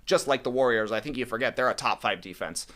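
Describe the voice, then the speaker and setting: A man's voice: medium pitch, fairly bright tone. An American man co-hosting a sports podcast, casually reviewing games and rattling off statistics. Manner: rattles off stats, quick asides. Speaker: podcast co-host.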